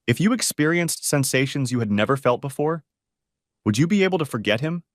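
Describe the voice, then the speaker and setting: A man reading a story aloud, voicing a calm, thoughtful woman who asks probing questions. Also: mid-range voice, no echo, clean studio sound, pitched above the performer's own voice, natural voice. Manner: measured, probing.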